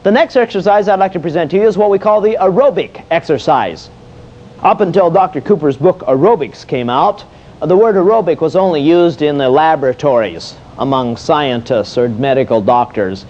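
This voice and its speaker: A man with a high voice gives a folksy, jokey exercise lecture. He asks questions and answers them himself. The sound is dull and lo-fi, like an old video tape. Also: normal speed, darkish tone. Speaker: fitness instructor.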